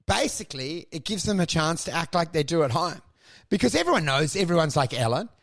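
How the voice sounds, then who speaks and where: A man co-hosting a comedy podcast, talking in loud, mocking banter full of swearing and put-on voices. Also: fairly high pitch, big pitch swings, brisk, vocal fry. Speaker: podcast co-host.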